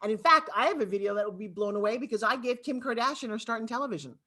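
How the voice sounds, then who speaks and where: A woman from Long Island with a New York accent, telling her life story as an expressive, talkative guest on a video call interview. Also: fairly high pitch, rapid-fire. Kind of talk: animated storytelling.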